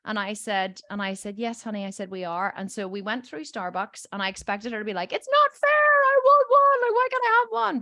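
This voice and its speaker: A woman's voice: mid-range voice, fairly bright tone, dry recording. A woman hosting a coaching podcast, a mother telling a story in an emphatic, swearing way and acting out the voices of the people in it. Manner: acts out quoted voices in her stories. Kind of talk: storytelling monologue.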